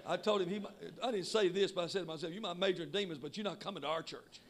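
A man preaching a sermon with emphatic shouting that drops to quiet asides. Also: sits high, racing. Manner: shouting, emphatic, swinging between loud and quiet. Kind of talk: Pentecostal sermon.

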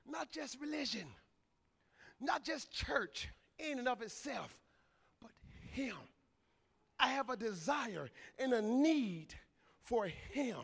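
A man preaching a sermon in a church, moving from quiet, slow talk to loud, shouted climaxes. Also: extremely high pitch. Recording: long hall reverb.

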